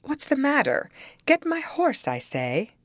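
A woman voicing a spoiled, haughty young girl who is imperious and quick to tears, in a storybook reading. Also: on the low side, sing-song, no room sound, studio quality, heavily acted. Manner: demanding, indignant, quick to tears.

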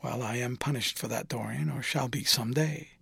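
A man's voice: mid-range voice, normal speed, vocal fry, a bit bright, breathy edge, dry recording, studio quality, exaggerated voice. A man reading as anguished older painter Basil Hallward. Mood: stricken. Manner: pleading, horrified. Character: anguished older male painter, earnest friend.

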